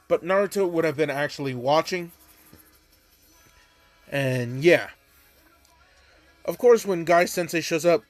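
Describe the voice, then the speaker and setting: A man casually retelling a fan story with slang and swearing, tossing in quick lines for the characters. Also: a little high.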